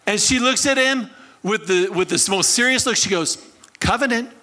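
A pastor preaching a sermon to his congregation, telling stories with lively acted voices and calling on the listeners to respond. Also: high voice, normal speed, very noisy. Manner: animated storyteller, acts out quoted people; calls on the congregation to answer.

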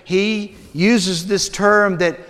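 A man preaching a sermon as a pastor, deliberate and measured, sometimes dropping to a hush. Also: sits high, steady tone, smooth. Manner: slow, deliberate preaching with dramatic drops to a hush. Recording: long reverb of a large hall.

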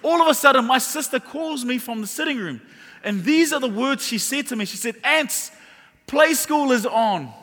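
A man's voice: very high voice, brisk. A man preaching a sermon, telling a funny personal story and talking straight to the congregation. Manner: animated and humorous, addresses the audience directly. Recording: reverberant hall.

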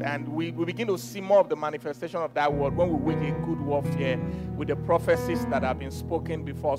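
A man preaching a sermon as pastor, repeating phrases, leading the congregation in declarations and swinging from soft teaching to loud exhortation. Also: a little high. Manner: repeats phrases and leads call-and-response declarations.

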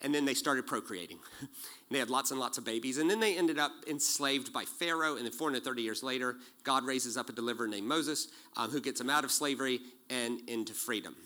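A man in his forties preaching a sermon, animated and joking, acting out quotes as he tells stories. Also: medium pitch, brisk. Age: 40s. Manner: animated storytelling with jokes and acted-out quotes. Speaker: pastor.

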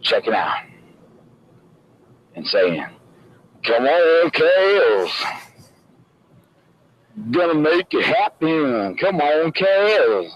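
A man's voice: a little high, sing-song, very slow, pauses often, full character voice, poor audio. A man putting on a drawling Southern fan reporter. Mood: hammy. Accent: Southern US (put on). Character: folksy Southern male fan correspondent. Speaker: field correspondent. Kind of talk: mock radio field report.

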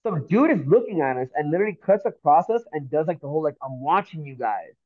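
Miami dude telling a wild story on a podcast, swears a lot, slangy, sounds tinny like a phone. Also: male voice, a little high, fast. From Miami, Florida. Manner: animated, profane, slangy storytelling. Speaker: podcast guest, graffiti artist. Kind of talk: casual storytelling.

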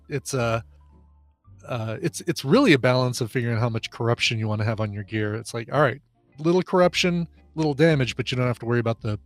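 A man with a medium-pitched voice co-hosts a live stream in casual talk and keeps slipping in silly jokes. The sound is dry, with faint music behind. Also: no room sound. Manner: playful, jokey, with silly bits. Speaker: co-host.

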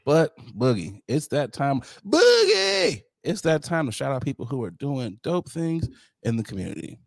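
A man's voice: medium pitch, normal speed, no room sound, clean studio sound. A man co-hosting a casual podcast, telling travel stories with lots of laughter and acting out the other people's lines. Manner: animated storyteller who acts out the other people's lines and laughs often. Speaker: podcast co-host. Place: home to Detroit.

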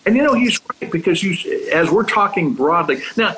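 A man hosting a casual interview, talking about drumming in an enthusiastic, chatty way and asking animated questions. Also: high-pitched, a little fast, a little hiss or hum, low-quality recording. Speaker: podcast host and drum teacher.

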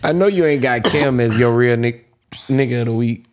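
A man co-hosting a podcast in casual chat, slow and thoughtful, laughing easily, with hiccups. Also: mid-range voice. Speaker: podcast co-host.

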